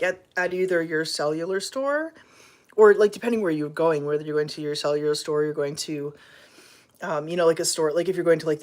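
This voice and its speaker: A woman's voice: fairly low pitch, a little mellow. A woman vlogging casually at home, chatting with viewers and talking to her cats. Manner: chatty, talks to her cats, many fillers. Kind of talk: casual chat to camera and viewers.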